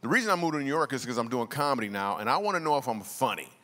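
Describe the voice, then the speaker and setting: In a big church auditorium, a man delivers comic stories as a guest speaker, chatting to the congregation in a relaxed, slangy manner. His mid-range voice is sing-song, pushed and bright, and the words come rapid-fire. A long reverb from the large hall hangs over everything.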